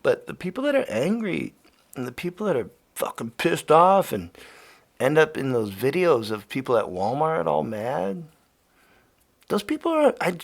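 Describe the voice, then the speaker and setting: A man hosting a podcast, rambling casually and swearing often, swinging from loud rants to quiet mutters. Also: a little high, vocal fry. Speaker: podcast host. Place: Los Angeles.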